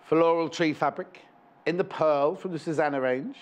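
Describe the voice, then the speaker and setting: Chatty guy selling fabric on live tv, goofy asides, voice on the higher side. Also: normal speed. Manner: chatty, jokey, rambling asides. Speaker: shopping channel presenter. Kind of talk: live TV sales chat. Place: TV studio.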